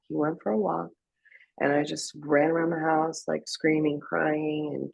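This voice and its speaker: A woman with a deeply gravelly, husky voice tells her personal testimony in an interview. She speaks haltingly, restarting her sentences and filling pauses with "um." The sound is close and dry. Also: flat delivery, darkish tone, dry recording, highs cut off. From Afghanistan. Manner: emotional, halting with many fillers and restarts. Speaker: interview guest.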